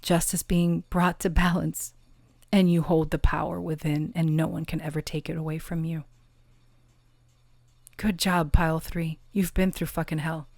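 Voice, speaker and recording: A woman giving an intimate pick-a-card tarot reading, slow and earnest, affirming her listeners and drawing out key words. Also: sits low, little pitch movement, dry recording. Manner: gets emotional and laughs softly at times; occasional swearing and casual fillers.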